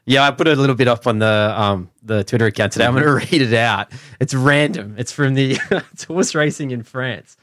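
A man's voice: mid-range voice, a little fast, fairly bright tone. An Australian man co-hosting a casual sports chat, laughing often as he reads out a story. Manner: laughs often while reading out a news story. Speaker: podcast co-host.

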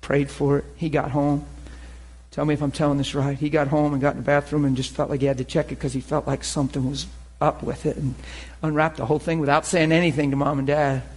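A man's voice: fairly high pitch, flat delivery, fast, darkish tone, slightly rough. A middle-aged man preaching a sermon in a conversational way, acting out little dialogues and laughing often.

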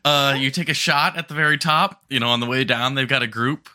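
A man's voice: medium pitch, fairly quick, sharp tone. A man co-hosting a podcast, describing a race with enthusiasm in casual conversation. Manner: enthusiastic, explanatory. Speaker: podcast co-host.

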